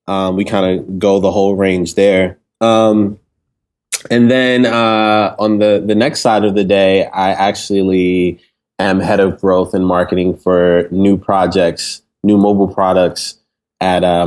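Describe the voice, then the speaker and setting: Male interview guest, lowish voice, loose and rambling with fillers. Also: unhurried. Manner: relaxed, rambling with many fillers. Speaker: interview guest, startup CEO. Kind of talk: casual conversational interview.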